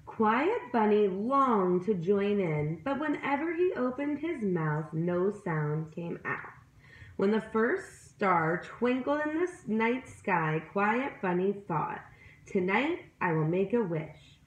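A woman's voice: mid-range voice, sing-song, slow pace. A woman reading a picture book aloud to children, voicing animal sounds and asking her listeners questions. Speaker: storyteller. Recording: roomy echo.

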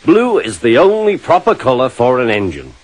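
A man's voice: mid-range voice, wildly swooping pitch, moderate pace. A man voicing a boastful, cheeky little blue tank engine in a storybook reading, with music behind. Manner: proud and boastful.

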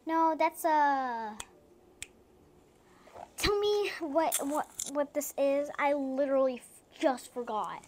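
A woman reading children's picture books aloud, chatting between pages and playing up the sound words in a lively, sing-song way. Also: sits high, takes it slowly, long pauses, a little hiss or hum. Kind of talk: storybook read-aloud with casual chat.

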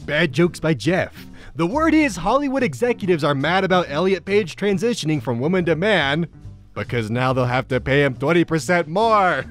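A man's voice: on the high side, fairly bright tone. An American man hosting, reading funny posts aloud in a casual comedic way, often breaking into laughter.

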